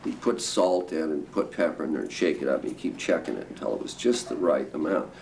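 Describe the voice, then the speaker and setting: A deep-voiced older man from the Northern California coast tells rambling, chuckling stories about the old days. He sounds set back from a distant microphone, with a faint hum of room noise behind him. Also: a little fast. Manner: rambling, lively, with frequent chuckles. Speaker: storyteller guest. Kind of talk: anecdotal storytelling. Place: museum talk event. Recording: distant mic with background noise.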